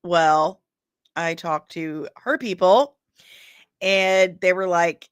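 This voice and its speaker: A woman's voice: mid-range voice, slow pace, long pauses, dry recording, clean studio sound. A woman hosting a daily pop-culture news stream, chatting casually, laughing often and answering viewers' comments by name. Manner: loses her place while searching on screen and grumbles aloud. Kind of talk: casual live-stream chat about entertainment rumors.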